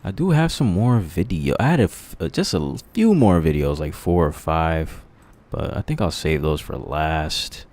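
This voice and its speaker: A man casually rambling on a livestream, crude and profane, laughing at his own jokes, in a dark candlelit room. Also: deep voice, expressive, normal speed. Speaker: streamer.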